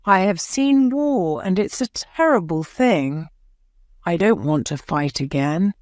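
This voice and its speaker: A weary king speaks in a low, gentle voice, drawing every word out very slowly, read by a woman narrator. He sounds sorrowful and resigned, with no echo around him. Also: lively intonation, clean studio sound. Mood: sad. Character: weary, sad abdicating male king.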